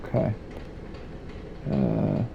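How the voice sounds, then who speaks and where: A man casually muttering quiet asides as he plays a video game. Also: very slow, highs cut off, noisy background. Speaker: game player. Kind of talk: casual let's-play commentary.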